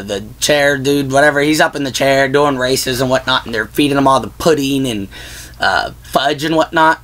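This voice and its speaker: A man's voice: medium pitch, a bit bright. A man hosting a casual vlog, chatting about movies in a rambling way full of "like" and "whatnot.". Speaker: vlog host. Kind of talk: casual movie-list chat.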